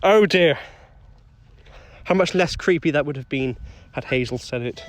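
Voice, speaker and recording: A man's voice: mid-range voice, a little fast, no room sound. A man hosting a casual livestream outdoors, chatting with viewers and joking as he digs for finds. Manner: chatty, jokey, talks to chat while working. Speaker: livestream host.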